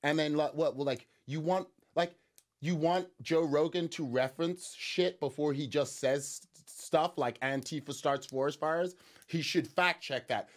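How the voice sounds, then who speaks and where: A man's voice: on the high side, measured pace. A man giving casual reaction commentary on a news clip, sarcastic and mocking, rambling with many restarts and repeated words.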